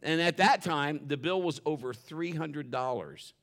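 A middle-aged man preaching from the pulpit with a somewhat high voice. He tells a story with emphasis, at times loud and exclaiming, at times dropping low and hushed. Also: unhurried. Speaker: pastor. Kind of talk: sermon storytelling.

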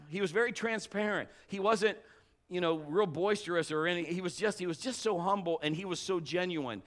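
A man's voice: high-pitched, normal speed. A middle-aged man preaching a conversational sermon, telling folksy stories with restarts and trailing thoughts. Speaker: pastor.

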